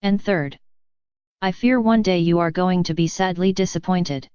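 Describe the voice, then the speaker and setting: A woman voicing a stern female sixth-grade science teacher who asks questions in a formal, measured way. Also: fairly low pitch, darkish tone, clean tone, no room sound, muffled recording, close to an everyday voice.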